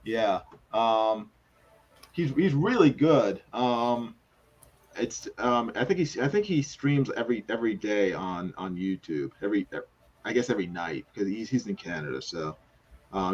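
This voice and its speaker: A man chatting casually in a laid-back, hesitant way, with many pauses and ums. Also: on the low side, lively intonation. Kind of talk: casual chat. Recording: dull lo-fi sound.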